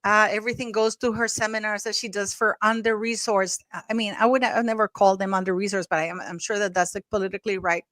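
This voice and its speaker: A woman hosts a casual livestream in a chatty, rambling way, often restarting her sentences. She thanks viewers over and over with effusive warmth. Her voice sits at an ordinary middle pitch, and the recording is close and dry. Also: fairly even intonation, fast talker, few pauses, no echo. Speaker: livestream host.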